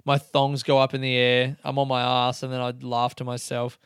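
A man's voice: medium pitch, monotone, moderate pace, clear, resonant tone, no room sound, studio quality. A young Australian man telling a rambling, self-mocking comic story with casual swearing.

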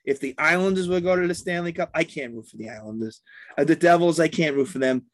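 Guy rambling thru old sports stories, a bit high voice, dry close sound. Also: quick pace, no echo. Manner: rambling storyteller with many restarts. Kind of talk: casual sports chat.

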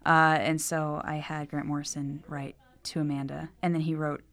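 A woman's voice: deep voice, flat delivery, moderate pace, fairly bright tone. A woman co-hosting a casual comics podcast from a podcast booth, bubbly and teasing, laughing often. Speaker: podcast co-host. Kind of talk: casual chat.

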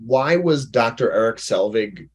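Animated man chatting about movies. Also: medium pitch, a little slow, slightly rough, muffled recording. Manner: animated, jokey, fond of doing accents. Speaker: podcast co-host. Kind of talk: casual movie discussion.

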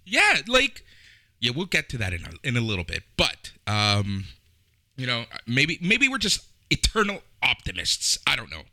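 A man's voice: medium pitch, huge pitch swings, moderate pace, pushed and bright. A man from Canada co-hosting a podcast in a laid-back casual chat, swearing freely and laughing often. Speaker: podcast co-host.

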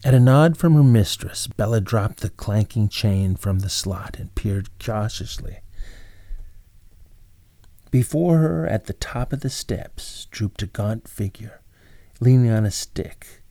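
A man narrating an old tale in a measured, dramatic way. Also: on the low side, animated, warm tone, dry recording. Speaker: storyteller. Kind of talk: scripted narration.

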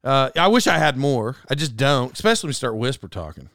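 A man hosting a comedy podcast alone, rambling through an animated monologue, often stopping and restarting mid-sentence. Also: mid-range voice, fast talker, dry recording, clean studio sound. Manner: rambling, self-interrupting, animated. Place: alone in a room.

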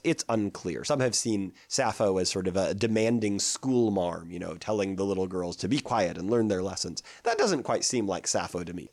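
Low-voiced man reading and explaining poetry. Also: no echo, clean studio sound. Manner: measured, slow recitation of verse, then relaxed explaining with fillers. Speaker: lecturer on ancient poetry.

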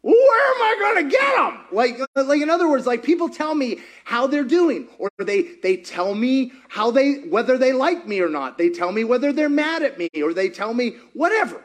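A man preaching a sermon as pastor, animated and playful, firing questions at the congregation and acting out voices. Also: very high-pitched, moderate pace, hardly any pauses. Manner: animated, asks the crowd many questions; playful, acts out quoted voices.

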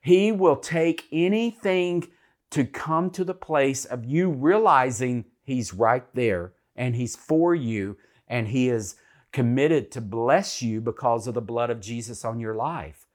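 Man, faith talk show co-host, earnest and encouraging, mid-pitched preacherly delivery. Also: animated, takes it slowly.

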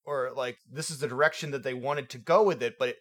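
A man co-hosting a casual film review chat, animated and acting out characters' lines as he retells scenes. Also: medium pitch, quick pace. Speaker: podcast co-host.

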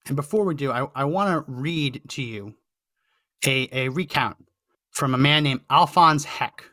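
A man's voice: fairly high pitch, bright, forceful tone, no echo, studio quality. A man hosting a political commentary show, talking in an impassioned, emphatic way and repeating phrases for effect. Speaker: podcast host.

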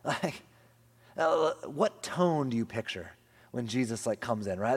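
A man preaching a sermon in a conversational way, often asking the crowd "right?" and swinging between hushed, slow passages and loud, lively ones. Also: medium pitch, husky. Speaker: pastor. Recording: long hall reverb.

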